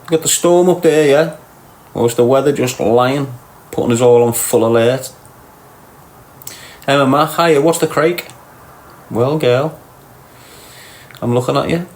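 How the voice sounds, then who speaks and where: With long pauses and a measured pace, a medium-pitched middle-aged man with a Liverpool accent hosts a livestream. He reads viewers' comments aloud and banters with them, crude, teasing and full of slang.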